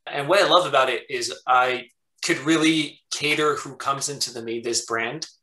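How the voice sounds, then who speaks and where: A man's voice: mid-range voice, moderate pace, sharp tone, roomy sound, poor audio. A man, a business owner being interviewed, talking candidly and with animation about running his company. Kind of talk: casual interview chat.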